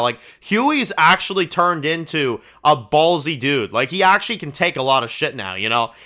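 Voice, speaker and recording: A man hosting his own review channel, talking through a show in a casual, rambling, excitable way, with lots of swearing and "you know"s. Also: a little high, moderate pace, few pauses.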